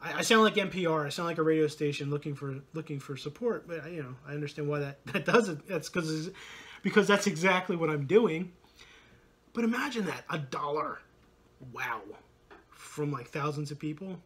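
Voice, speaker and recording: A man in his thirties talks straight to his viewers in a relaxed, rambling way. His voice sits a little on the high side, and he often stops to correct himself and fill pauses with "uh" and "you know.". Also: husky. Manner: rambling, filler-heavy, self-correcting. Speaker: podcast co-host and vlogger. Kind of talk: casual vlog talk to camera.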